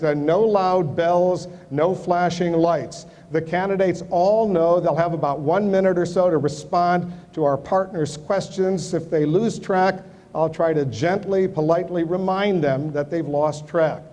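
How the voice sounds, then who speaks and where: A man's voice: high voice, darkish tone. Male debate moderator, formal with dry wit, reverberant hall sound. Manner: measured, dry humor, frequent "uh" fillers. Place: large debate hall with audience.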